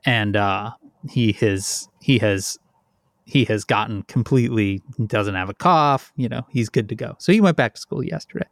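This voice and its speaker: A man's voice: lowish voice, moderate pace, no room sound, clean studio sound. Breathless rambling man. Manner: rambling, self-deprecating storytelling. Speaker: podcast co-host. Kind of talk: casual chat.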